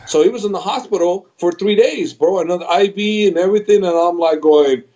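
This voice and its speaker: A middle-aged man, an MMA trainer, telling a story on a podcast over a video call, animated and quoting his own reactions. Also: high-pitched, a little fast. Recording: slightly dull video call audio.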